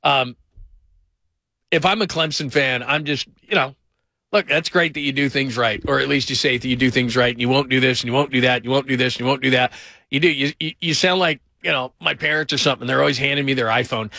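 A man hosting a call-in sports radio show, talking in an animated, rambling way and mimicking people in put-on voices. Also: medium pitch, fast talker, creaky, dry recording.

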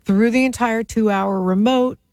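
A woman's voice: on the high side, darkish tone, dry recording. A woman radio host, telling stories in casual on-air chat. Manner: chatty storyteller, quick asides. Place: radio studio.

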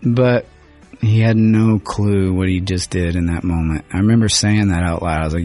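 A man in a radio interview, telling a painful story in a halting, rambling way full of fillers. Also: low voice, steady tone, mellow, soft background music. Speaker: guest singer-songwriter.

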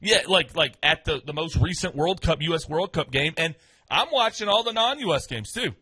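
A man co-hosting a casual sports talk show, ranting excitedly and laughing. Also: fairly high pitch, normal speed, husky, dry recording.

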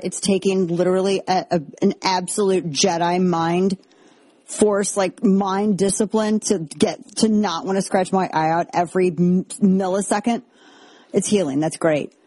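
Chatty, husky-voiced woman host. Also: fairly low pitch, no room sound. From Texas. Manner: chatty, sarcastic, animated asides. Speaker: commentary show host. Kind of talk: casual opinion monologue. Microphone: headphones on, close mic.

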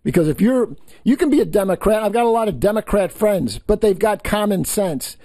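Male talk host, high-pitched, dry close sound; heated political rant, stumbles and repeats himself. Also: animated, fairly quick, warm tone, dry recording. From New York State.

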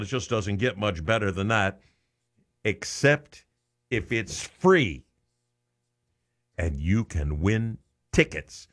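Upbeat Mid-radio host. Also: male voice. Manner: energetic, upbeat, pitch jumping up on phrases. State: out of breath. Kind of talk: morning radio chatter and promo. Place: radio studio.

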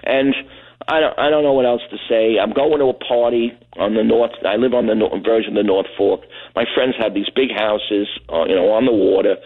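A man's voice: on the low side, fairly even intonation, fairly quick, slight background noise. A middle-aged man from Brooklyn calls in to a late-night radio show. His voice comes through a thin, tinny phone line. He rambles through a long anecdote, voicing each person in the story as he goes. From Brooklyn, New York. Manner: rambling, anecdotal, acts out other people's lines. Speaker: caller. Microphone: telephone.

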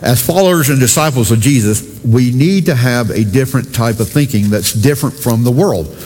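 A man's voice: mid-range voice, animated, fairly quick, a little mellow, husky. A male pastor preaching a sermon in a conversational way, talking directly to his congregation. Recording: long reverb from a church hall.

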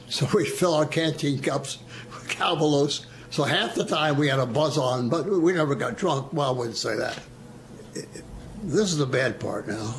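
A man's voice: a little high, slight background noise. An older man casually reminiscing about his past, telling stories and acting out what others said. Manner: storyteller who acts out quoted voices and chuckles. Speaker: veteran interviewee.

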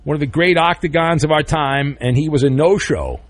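A man's voice: on the high side, a little fast. A man hosting a sports talk radio show, chatting loosely and joking between listener notes and calls. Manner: loose, joking, rambling with fillers.

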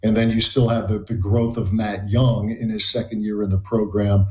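A man's voice: fairly low pitch, little pitch movement, darkish tone. Man analyzing football in a roomy space. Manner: measured, analytical. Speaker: sports analyst. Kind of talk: sports talk show discussion.

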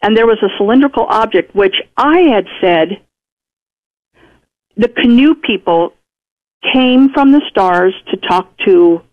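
Expressive and medium in pitch, the guest moves at a measured pace and pauses often while telling a personal story on the radio in a chatty way. She or he imitates how others spoke, and the broadcast sound is muffled.

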